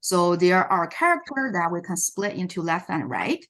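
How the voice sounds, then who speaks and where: On a video call, a Chinese language teacher presents teaching strategies for an online teacher workshop. Her fairly low, slightly bright voice swings widely in pitch at normal speed, with a little background noise. She explains things with frequent fillers and self-corrections.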